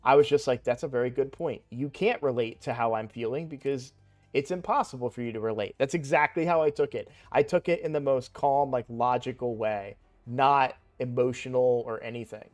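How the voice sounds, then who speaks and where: A man's voice: mid-range voice, fairly quick, a little mellow, faint music behind. A young man casually telling a personal story while playing a game, rambling with lots of fillers and restarts. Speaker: gaming streamer.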